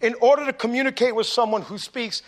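A man preaching a sermon as pastor, telling stories conversationally with asides to the congregation and building to loud emphasis. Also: extremely high pitch, steady tone, quick pace. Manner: conversational storytelling with audience asides.

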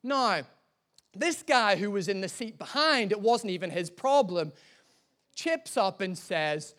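A man, a pastor, preaching a sermon and telling a personal story in a lively, humorous way. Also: high voice, measured pace.

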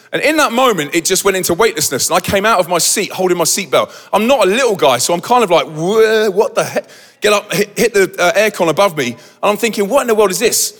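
A high-pitched man tells a dramatic story on stage, lively and acting out every voice in the scene. His voice rings through a big hall with a long reverb. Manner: animated, acts out the scene with quoted voices. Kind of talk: dramatic storytelling to a live audience.

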